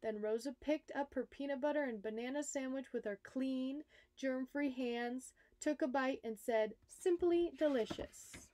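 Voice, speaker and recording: A woman, a nurse, reading a children's picture book aloud, expressive and speaking directly to young listeners. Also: high-pitched, moderate pace. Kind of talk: storybook read-aloud for children.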